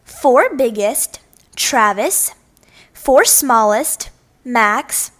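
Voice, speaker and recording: A woman's voice: fairly high pitch, lively intonation, drawn-out words, a bit bright, exaggerated voice. Woman playing a kindly, patient schoolteacher. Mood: calm.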